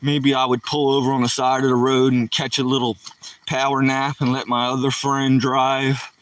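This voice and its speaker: A man's voice: mid-range voice, monotone, moderate pace, no room sound, distant mic. Chatty man rambling through old stories. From Philadelphia area. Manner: loose and chatty, sprinkled with "man" and "you know". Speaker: vlogger telling stories. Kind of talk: rambling casual storytelling.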